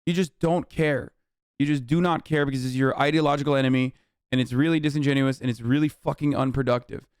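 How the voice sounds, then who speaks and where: A man's voice: mid-range voice, steady tone, fast, darkish tone, clear, resonant tone, no echo. A man streaming reaction commentary, ranting in a heated, profane and sarcastic way into a close mic. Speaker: live streamer.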